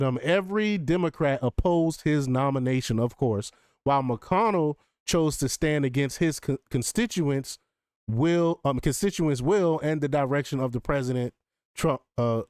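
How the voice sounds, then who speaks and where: A man's voice: medium pitch, smooth, dry recording, studio quality. Chatty man. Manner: chatty and excitable, laughs often, many fillers. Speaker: political commentary host. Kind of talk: casual political commentary.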